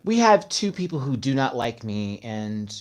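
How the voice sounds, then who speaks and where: A man's voice: mid-range voice, measured pace. A man hosts a casual livestream and talks straight to his viewers. He tells stories with energy and acts out the words of the people in them. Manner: animated storytelling, acting out his mother's words. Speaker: host.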